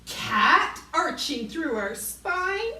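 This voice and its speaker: A woman's voice: high voice, sing-song, extremely slow, pushed and bright, distant mic. A woman leading a children's yoga class, playful and encouraging, making animal sounds for the kids. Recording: roomy echo, voice from off mic.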